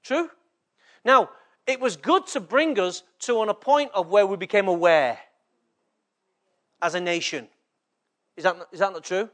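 A man's voice: high voice, unhurried, long pauses, a bit bright. A man from England preaching a sermon as a pastor, often checking in with the congregation through short rhetorical questions.

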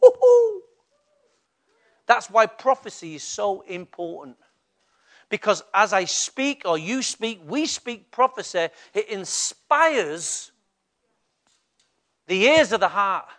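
An older man with a Mancunian accent, a pastor preaching a lively sermon and putting questions to the congregation in church. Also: high-pitched, slow pace.

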